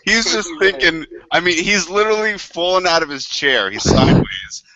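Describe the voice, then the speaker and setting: Casual male host, bright tense voice, dry dull recording. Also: sits high, lively intonation, moderate pace. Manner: laughing, hesitant, moderating. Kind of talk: casual chat.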